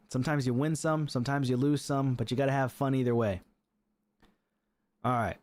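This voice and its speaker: A man streaming from a home setup, commentating his matches in a chatty, excitable way and laughing often. His voice sits at an ordinary middle pitch. He talks straight to his viewers. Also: no room sound. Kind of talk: live gameplay commentary.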